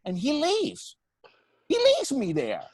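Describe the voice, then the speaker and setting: An older male comedian telling a long, animated comic story, full of profanity and stumbling restarts. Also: extremely high pitch, takes it slowly, no room sound.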